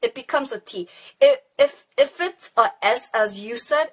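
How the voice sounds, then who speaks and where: A cheerful young woman with a Korean accent teaches a live language lesson in English. Her voice sits a little high, and she repeats each phrase patiently for her learners. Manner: cheerful, repeats phrases slowly, laughs now and then.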